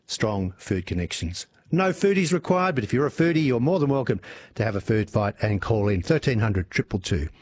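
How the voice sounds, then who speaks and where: Chatty Australian radio host, husky voice. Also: male voice, on the low side, expressive, moderate pace, no room sound. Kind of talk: evening talk radio chat. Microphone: studio microphone.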